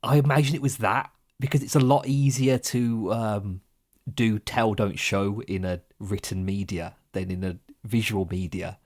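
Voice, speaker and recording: A man's voice: lowish voice, steady tone, moderate pace, a little mellow. A man co-hosting a casual podcast chat who laughs often and talks in an easygoing way. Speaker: podcast co-host.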